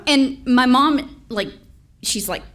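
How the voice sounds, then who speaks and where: A woman's voice: sits high, slow pace, fairly bright tone. A woman telling a funny story at a storytelling contest, laughing between lines and swearing freely. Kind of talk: live competitive storytelling.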